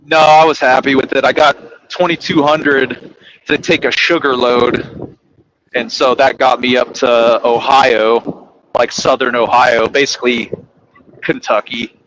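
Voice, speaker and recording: A man's voice: mid-range voice, steady tone, a little slow, fairly bright tone, slight background noise, low-quality recording. A man who drives trucks, telling a casual story in a rambling, profane way. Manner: rambling, profane, acts out quoted people.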